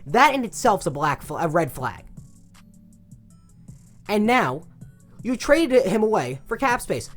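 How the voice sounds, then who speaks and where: A young man rants passionately and in exasperation as a sports commentator, lurching from loud outbursts to low muttering. He's very animated yet a little slow, pausing often. Soft music plays in the background.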